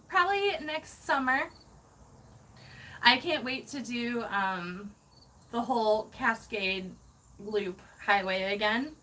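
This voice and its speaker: A woman's voice: mid-range voice, pushed and bright, rough recording. A woman hosting a casual van-life livestream, reading viewer comments and gushing with thanks, laughing often.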